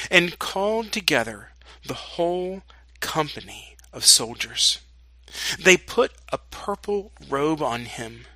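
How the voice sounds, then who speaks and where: A pastor reading a scripture passage aloud in a slow, deliberate way. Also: male voice, medium pitch, sharp tone, no room sound. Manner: slow and deliberate reading, with dramatic quoted lines.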